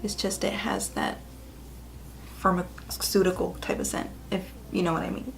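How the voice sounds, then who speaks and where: A woman's voice: on the low side, steady tone, measured pace, creaky, slight background noise. A woman beauty vlogger talking viewers through a makeup tutorial in a chatty, upbeat way. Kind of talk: casual makeup tutorial narration.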